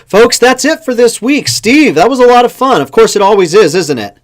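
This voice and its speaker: A man's voice: extremely high pitch, lively intonation, a little fast. A man in his thirties hosting a casual show, upbeat as he reads out viewer comments. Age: 30s. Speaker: show host.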